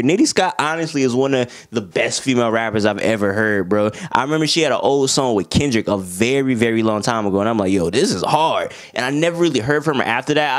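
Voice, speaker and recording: A young man giving a casual album review, talking in a loose, slangy and excitable way. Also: medium pitch. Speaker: music reviewer.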